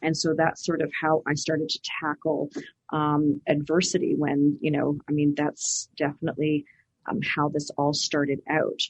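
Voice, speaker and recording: A woman's voice: deep voice, completely flat delivery, normal speed, slight background noise. A middle-aged woman from Canada, a guest on a podcast, animatedly telling stories and acting out the voices she quotes. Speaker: podcast guest, clinic owner. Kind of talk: casual interview storytelling.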